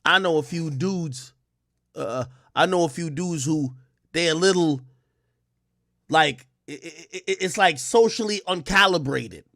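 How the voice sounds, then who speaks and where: Man, reaction host, casual commentary, fillers like "you know", slightly high voice, dry close recording. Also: a little slow, a bit bright, no room sound.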